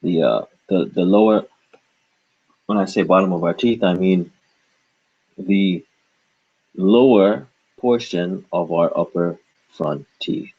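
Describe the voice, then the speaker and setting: A man's voice: low-pitched, takes it slowly, pauses often, husky. A man teaching a reading lesson, patiently sounding out syllables and repeating them for the learner. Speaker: language teacher. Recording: dull lo-fi recording.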